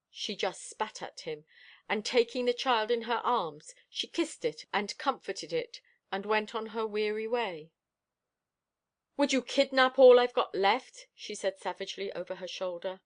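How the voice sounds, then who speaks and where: A woman reading a novel aloud in first-person narration, expressive and measured. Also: mid-range voice. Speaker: audiobook reader.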